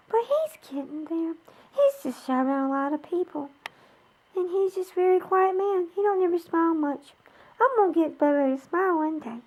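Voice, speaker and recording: A woman with a Southern US accent, crying and speaking softly and sleepily in a personal vlog. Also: very high voice, poor audio. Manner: slow, soft-spoken, sleepy. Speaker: vlogger.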